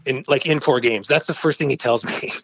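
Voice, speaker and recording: A man's voice: medium pitch, brisk, gravelly, slightly rough, no room sound, dull audio. Chatty middle-aged man telling stories. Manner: storytelling, animated quoting. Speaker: podcast host. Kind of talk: casual chat.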